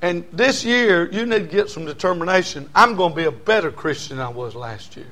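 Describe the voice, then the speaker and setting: Folksy preacher man, fairly high voice. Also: animated, a little fast, hardly any pauses, pushed and bright. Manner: emphatic, repetitive cadence, folksy humor. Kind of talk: sermon. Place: church before a congregation.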